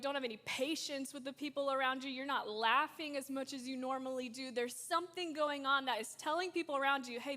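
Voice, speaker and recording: Bright-voiced young woman speaking in a hall. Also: high-pitched. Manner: earnest, conversational, with rhetorical questions. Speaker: youth speaker. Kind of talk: talk to students. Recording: hall reverb.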